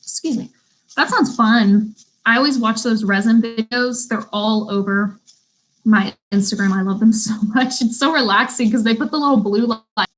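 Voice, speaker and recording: Brief: young woman, beauty school instructor on a live stream, friendly and chatty, a bit high-pitched. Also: normal speed, low-quality recording. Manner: chatty, reads out viewer comments. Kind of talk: casual live-stream class.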